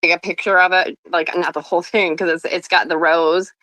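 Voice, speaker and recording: Woman on a stream, kinda low voice, rambles, lots of likes and uhs. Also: little pitch movement, brisk, bright, forceful tone, no echo. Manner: rambling, full of fillers. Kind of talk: casual livestream chat.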